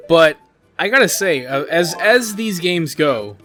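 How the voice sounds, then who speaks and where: A man's voice: a little high, expressive, a little slow, pushed and bright. A man hosting a gaming channel, talking through his gameplay in an earnest, rambling way, with many "like" and "you know" fillers. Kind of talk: casual gameplay commentary. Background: faint game music.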